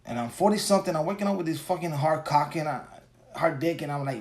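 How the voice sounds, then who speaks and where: A man's voice: fairly high pitch, animated, fast talker, a little mellow. Profane, rambling man in his forties. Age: 40s. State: tired after a long workday. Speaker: podcast host. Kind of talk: casual solo podcast rant.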